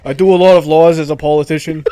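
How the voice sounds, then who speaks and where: A man's voice: a little high, fairly even intonation, warm tone, smooth, no echo, lightly acted. A man doing an impression of an elderly American politician who fumbles through vague boasts with constant "uh"s. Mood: bumbling. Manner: halting, full of "uh", vague boasting. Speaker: podcast co-host.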